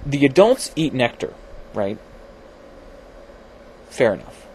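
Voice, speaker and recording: Amateur science vlogger, man, mid-low voice, self-deprecating and full of restarts, animated swings in pitch. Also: takes it slowly, long pauses, slight background noise. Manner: rambling, self-deprecating, lots of fillers and restarts. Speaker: video blogger. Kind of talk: casual science vlog. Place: home, at his computer.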